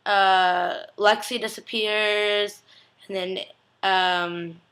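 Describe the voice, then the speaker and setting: A woman's voice: medium pitch, steady tone, drawn-out words, a bit bright. A young woman recapping a TV episode in a chatty, gushing way, emotional and close to tears, peppering her talk with "like" and acting out quotes. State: teary, on the verge of crying. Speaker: TV recap vlogger.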